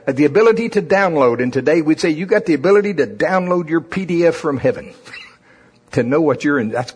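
A pastor delivering a sermon with impassioned, rising-and-falling preaching. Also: male voice, a little high, husky.

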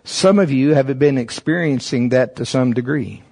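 Husky-voiced man preaching a sermon. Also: mid-range voice, moderate pace, mellow. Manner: reads a text aloud and stops to comment; emphatic, rising on key words.

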